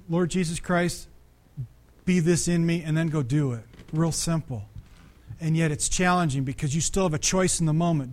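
Middle-aged male pastor, slightly high voice, lively conversational preaching with sudden loud peaks. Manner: restarts and repeats words often. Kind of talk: sermon.

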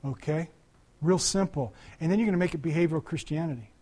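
A man's voice: on the high side, fast, warm tone. An older man preaching a conversational sermon, talking to the congregation with frequent asides and restarts. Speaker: pastor.

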